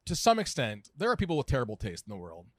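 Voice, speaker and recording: Male podcast guest, 30s, casual rambler, mid-pitched, dead dry sound. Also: huge pitch swings, dry recording. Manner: rambling with many restarts and fillers, quick laughs. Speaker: podcast guest, food writer and editor. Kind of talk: casual conversational chat.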